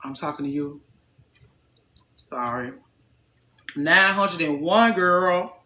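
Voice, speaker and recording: A woman talking to camera in a casual vlog rant, blunt and profane, preaching hard and swinging into shouts. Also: deep voice, expressive, slow pace, roomy sound. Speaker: vlogger.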